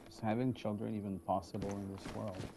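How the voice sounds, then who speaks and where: A man playing a weary male survivor in a game role-play, musing quietly to himself in a low-key voice. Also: flat delivery, fairly quick, creaky, heavy background noise. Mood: grim.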